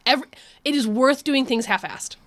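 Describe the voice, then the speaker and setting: A woman's voice: high voice, fairly quick, a bit bright. Teasing woman podcast co-host. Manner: teasing, emphatic, gives advice directly. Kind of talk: casual podcast chat.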